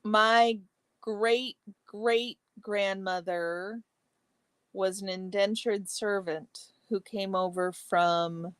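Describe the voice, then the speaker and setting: A woman hosting a casual livestream chat, reading viewer comments aloud and answering each by name, chatty and exclamatory with soft asides. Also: medium pitch, steady tone, very slow, smooth, dry recording. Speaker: livestream host.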